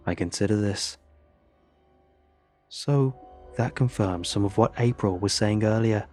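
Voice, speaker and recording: A man's voice: fairly low pitch, unhurried, pauses often, darkish tone, faint music behind. A man narrating a first-person horror story in an earnest, tense way.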